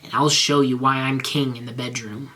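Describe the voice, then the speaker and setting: A man's voice: mid-range voice, steady tone, moderate pace, pushed and bright, lightly acted. A man voicing a smug, flirtatious male cat with a gun, speaking in an offhand bragging way.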